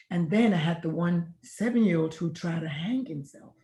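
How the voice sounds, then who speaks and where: Her voice is lowish and dark in tone, moving at a moderate pace. She's a middle-aged woman, a pediatrician turned life coach, earnestly reflecting on her story in an interview and reenacting old conversations as dialogue, all captured with echoey room sound.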